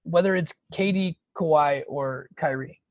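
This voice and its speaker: A man's voice: fairly high pitch, unhurried, no room sound, muffled recording. A man co-hosting a sports podcast in casual chat, blunt and opinionated, sounding tired late at night. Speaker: podcast co-host.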